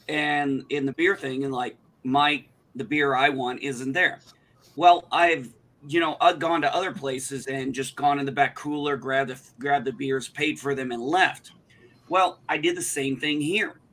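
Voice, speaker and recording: Man in his thirties, bright forceful voice, riled-up profane storyteller on a livestream. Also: a little high. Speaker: livestream co-host. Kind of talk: casual chat, telling a story.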